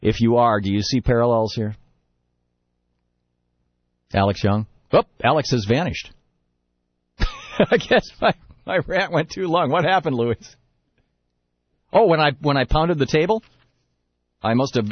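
A man's voice: mid-range voice, normal speed, long pauses, dry recording, lo-fi sound. A man hosting a radio talk show, telling a long story and then ranting emphatically about politics. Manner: rambling storyteller, building to emphatic rant. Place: radio studio.

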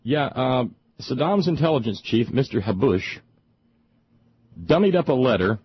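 A middle-aged man hosting a talk show, delivering an indignant, sarcastic political monologue with frequent halting repeats. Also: mid-range voice, sing-song, slightly rough, no room sound, muffled recording. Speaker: talk radio host.

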